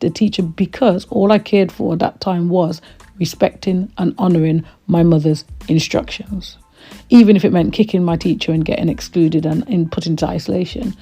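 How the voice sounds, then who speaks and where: A woman sharing a personal story on her podcast in a candid, emphatic way. Her voice is gravelly with a dark, mellow tone. Faint music plays underneath. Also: on the low side, fairly even intonation, moderate pace. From Trinidad. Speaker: podcast host and reverend.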